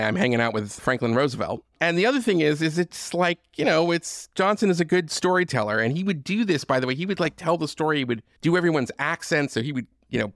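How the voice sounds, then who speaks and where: A man with a gravelly, creaky voice tells history in a loose, conversational way, stacking asides and casual fillers. His pitch sits in the middle for a man. The sound is close and dry, with no room echo. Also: a bit bright. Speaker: podcast host. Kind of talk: history podcast monologue.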